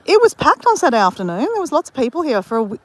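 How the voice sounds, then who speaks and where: A woman's voice: high voice, big pitch swings, very fast, a little hiss or hum. A woman chatting to viewers on a phone livestream while walking outdoors by the sea, talking to them by name and laughing easily. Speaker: livestream vlogger. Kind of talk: casual chat on a walking livestream. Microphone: phone held while walking.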